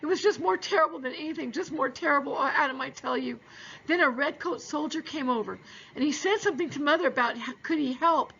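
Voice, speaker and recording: A woman's voice: high voice, quick pace, creaky, sharp tone, muffled recording, voice pushed up, full character voice. A woman voicing a frightened, grieving young boy who talks in a shaky, tearful, pleading way. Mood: shaken grief.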